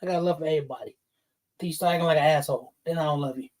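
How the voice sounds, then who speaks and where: A man's voice: a little high, steady tone, rapid-fire, darkish tone. A man hosting a casual livestream, greeting chatters by name, laughing often and getting fired up. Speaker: livestream host.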